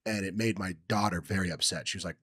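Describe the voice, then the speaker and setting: A young man co-hosting a podcast who tells a personal story in a rambling way, with many ums, and acts out quotes loudly. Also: low-pitched, fast, breathy edge, no room sound, clean studio sound. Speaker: podcast co-host. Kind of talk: casual chat, personal story.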